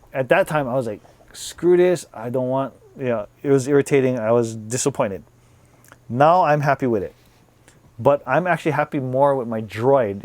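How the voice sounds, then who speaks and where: A man's voice: mid-range voice, a little mellow, no room sound. A man casually chatting to his viewers as a vlogger, rambling and restarting his sentences. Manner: rambling, repeats and restarts words, says "like" often. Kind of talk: casual product review chat.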